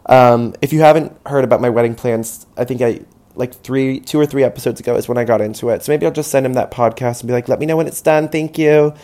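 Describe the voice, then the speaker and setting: A man's voice: mid-range voice, fairly even intonation, fast, dark tone. Male podcast host, solo comedic rant, sarcastic, self-mocking, swears a lot. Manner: rambling, self-deprecating, sarcastic, swears freely.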